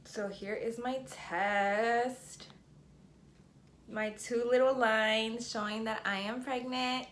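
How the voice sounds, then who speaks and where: Young woman vlogger, bright voice, chatty and breathless, emotional. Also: on the high side, takes it slowly, roomy sound. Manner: chatty, tearful and excited, many fillers. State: slightly out of breath. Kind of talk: emotional personal vlog.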